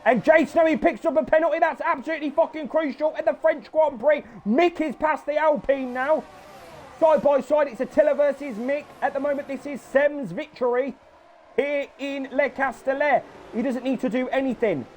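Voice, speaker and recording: A young man calls an online race in a very high, excitable voice. He swears constantly and shouts at every crash. A faint hum sits under the commentary. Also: moderate pace. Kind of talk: excitable sim racing commentary.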